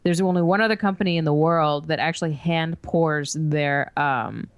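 A chatty woman on a casual podcast, her voice a little low for a woman and recorded dry, with no room sound. She talks fast and loose, leaning on fillers. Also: clear, resonant tone, dry recording, muffled recording. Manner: chatty, filler-heavy, cheerful. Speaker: podcast guest, dildo maker.

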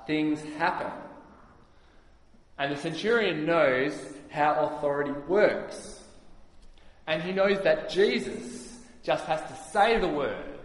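Earnest male preacher in an echoey hall. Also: fairly high pitch. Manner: earnest, explanatory, frequent "uh" pauses. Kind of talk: sermon.

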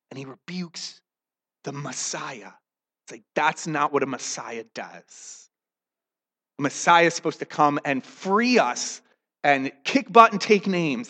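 A man preaching a sermon as pastor, animated, telling the story and acting out the quotes. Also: on the high side, in a large hall. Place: church.

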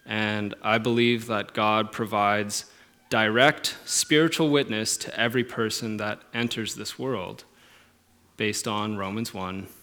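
A low-pitched man delivers a sermon. He talks earnestly, dropping to quiet musing and then rising to strong, stressed points. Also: unhurried. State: emotional at moments. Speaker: pastor.

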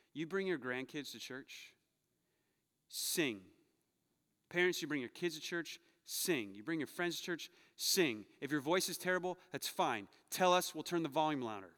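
Man, young pastor, sermon, storytelling with jokes, lively pitch, long church reverb. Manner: storytelling, joking, rising to loud urging. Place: church sanctuary.

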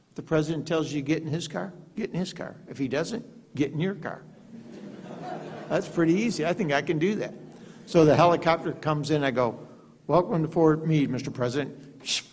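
An older man giving a keynote speech at a gala in a hotel ballroom, telling anecdotes with self-deprecating humor. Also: mid-range voice. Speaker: keynote speaker. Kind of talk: after-dinner speech with anecdotes. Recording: echoey hall.

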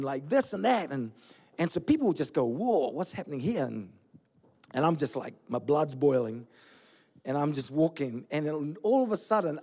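A pastor in his forties, originally from Fiji, delivers a sermon through lively personal stories. His voice sits somewhat high for a man. He laughs at his own mishaps as he goes. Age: 40s. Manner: storytelling, animated, laughing at himself. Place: church.

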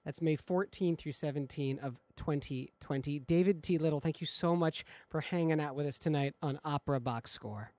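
A man's voice: on the high side, normal speed, hardly any pauses, darkish tone, no room sound. A man hosting a live radio talk show in a studio, upbeat and chatty, laughing easily.

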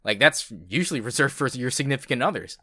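A man's voice: medium pitch, lively intonation, quick pace, bright, forceful tone, no echo. A man co-hosting a podcast, chatting casually and earnestly, with many fillers. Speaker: podcast co-host. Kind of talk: casual chat.

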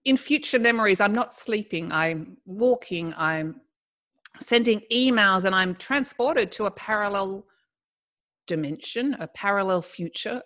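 Middle-aged woman guest, animated storyteller who laughs through her tale. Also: medium pitch, measured pace. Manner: animated, laughs while telling. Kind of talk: storytelling in casual conversation.

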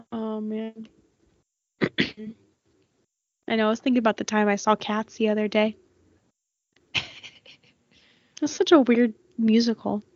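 A woman's voice: a little high, fairly even intonation, slow pace, long pauses, darkish tone, no room sound, muffled recording. A woman co-hosting a podcast in casual chat, reacting often with short agreements. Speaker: podcast co-host.

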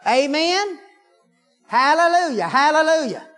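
A preacher delivers a sermon with a notably high voice. He mixes folksy storytelling with fervent bursts of praise. The sound carries a long hall reverb. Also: very animated, a little slow, a bit bright, soft background music.

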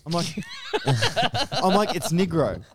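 A man's voice: high-pitched, big pitch swings, slow, background noise. A man, a comedian, telling a story on a casual podcast and acting out both sides of the conversation, swearing freely and laughing through it.

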